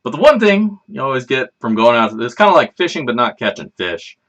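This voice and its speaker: A man's voice: medium pitch, very animated, brisk, fairly bright tone, highs cut off. A man hosting a casual livestream, chatting in a rambling, laid-back way and swearing freely. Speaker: livestream host.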